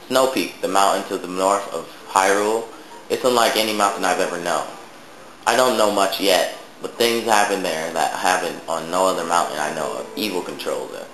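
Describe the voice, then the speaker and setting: A man reading the lines of a guarded female warrior from a video game in a low, muttered voice. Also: normal speed, a bit bright, a little hiss or hum. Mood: wary. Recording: echoey room with game music.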